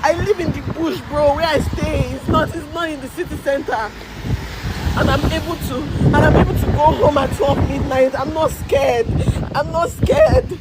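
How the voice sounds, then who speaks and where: A woman's voice: sits high, fairly even intonation, normal speed. A woman, tearful and raw, venting her frustration through repeated swearing while standing by a road. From Nigeria. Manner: raw, repetitive, swearing, breaking down. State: crying. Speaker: emigrant sharing her story. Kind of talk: emotional venting to camera. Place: outdoors by a road. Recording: loud traffic noise behind.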